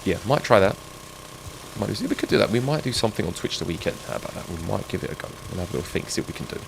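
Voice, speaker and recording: A man's voice: on the low side, expressive, racing, gravelly. A man chatting and joking with viewers while he streams a game. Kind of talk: live gameplay stream chat. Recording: game sound noise behind.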